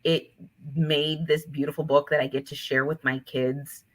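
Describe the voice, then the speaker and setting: A woman, an author and teacher, telling animated stories in an interview and acting out what her students said. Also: low-pitched, moderate pace. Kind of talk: conversational interview storytelling.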